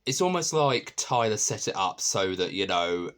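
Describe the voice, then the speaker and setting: A man's voice: lowish voice, big pitch swings, moderate pace, a bit bright. A man casually reviewing a TV episode, enthusiastic and rambling, with many ums and restarts.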